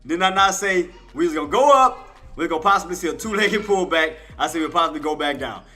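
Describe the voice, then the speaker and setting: A man's voice: fairly high pitch, lively intonation, fast, sharp tone, soft background music. A man hosting a day-trading live stream, chatting casually and teasing playfully, laughing often.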